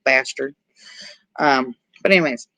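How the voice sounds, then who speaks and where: A podcast host recapping a horror film in casual chat, animated and profane, with lots of filler words and acted-out bits of dialogue. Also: medium pitch, no room sound. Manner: acts out characters' lines in quick asides.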